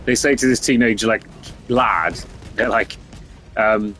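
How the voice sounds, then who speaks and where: Young streamer, lowish voice, loose, rambling, sweary delivery. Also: male voice, takes it slowly, a bit bright, soft background music. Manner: rambling, sweary, filler-heavy. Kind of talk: casual chat.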